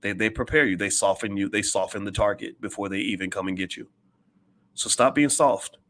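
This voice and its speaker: Middle-aged guy preaching hard, repeats himself a lot, lowish voice. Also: flat delivery, quick pace, fairly bright tone. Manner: preachy, repetitive, emphatic. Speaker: commentator. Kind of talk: impassioned monologue.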